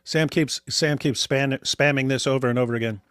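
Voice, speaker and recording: A man's voice: mid-range voice, steady tone, fairly quick, a bit bright, clear, resonant tone, no echo, clean studio sound. A man hosting a livestream, talking in casual commentary, emphatic and repeating words as he keeps addressing his audience. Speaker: livestream host.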